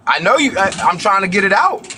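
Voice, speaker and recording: A man calling into a live debate, halting and hesitant, with many fillers. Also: high voice, very animated, bright, forceful tone, a little hiss or hum. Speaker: caller. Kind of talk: heated debate.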